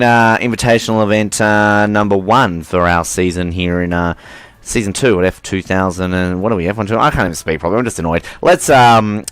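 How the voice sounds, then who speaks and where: A man's voice: deep voice, fairly bright tone, clean tone. A young man hosting a gaming channel, giving chatty, self-mocking gameplay commentary that keeps tipping into exasperation. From Australia.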